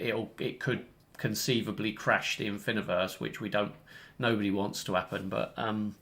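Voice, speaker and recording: A man's voice: lowish voice, bright, forceful tone. A man hosting a casual online community update, rambling and correcting himself as he explains the steps.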